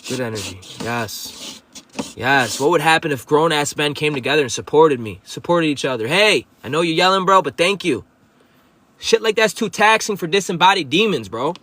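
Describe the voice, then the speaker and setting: A fired-up man, preaching spiritual talk straight to a livestream audience. His voice sits a bit higher than most men's, and he swears freely, calls people bro and dares his listeners to argue back. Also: expressive, moderate pace, pushed and bright. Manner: profane, confrontational, preachy, addresses viewers as bro. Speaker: livestream host.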